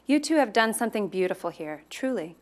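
A smooth, middle-aged art journalist, voiced by a woman reading aloud, polished and full of compliments. He speaks with easy, practiced charm. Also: mid-range voice, a little fast, natural voice. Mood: flattering. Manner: polished, flattering.

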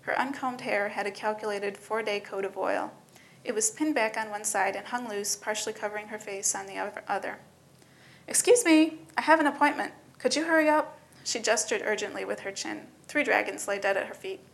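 A woman narrating a story in a steady, matter-of-fact reading voice. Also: mid-range voice, fairly quick, gravelly, poor audio.

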